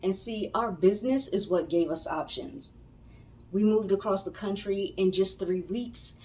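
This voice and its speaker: A woman's voice: medium pitch, measured pace, a little mellow. A middle-aged woman from Maryland, chatting casually to her viewers as a vlogger and business coach, laughing often and tossing in folksy asides. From Maryland, suburbs of Washington DC. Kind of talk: casual talk to camera.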